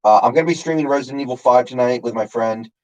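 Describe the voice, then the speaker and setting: Fast and medium-pitched, this man's voice comes through with lo-fi sound. He chats loosely on his stream, calling out chat names in replies and filling his speech with lots of fillers.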